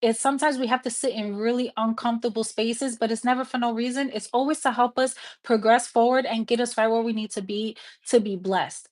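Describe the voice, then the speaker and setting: Woman reading tarot live, kinda high voice, talks straight to viewers, swears a bit, real encouraging. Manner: casual, frank, encouraging, swears freely, talks to viewers as "baby". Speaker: tarot reader.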